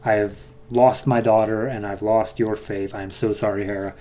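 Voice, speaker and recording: A man voicing a remorseful warrior queen woman in a quiet, apologetic tone. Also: fairly low pitch, little pitch movement, normal speed, close to an everyday voice.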